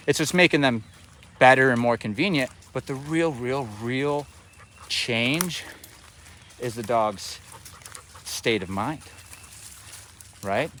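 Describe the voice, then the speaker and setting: Male dog trainer, mid-pitched, explanatory, asks "right?" a lot; outdoor take, distant mic. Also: fairly bright tone. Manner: explanatory, often checks in with "right?". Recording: distant mic outdoors, faint background noise.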